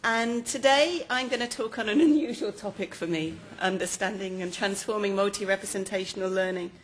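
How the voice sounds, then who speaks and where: A woman from England with an English accent, giving a lively, joking academic lecture in a hall. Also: mid-range voice, slight background noise. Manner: fast, lively and jokey with the audience. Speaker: guest lecturer.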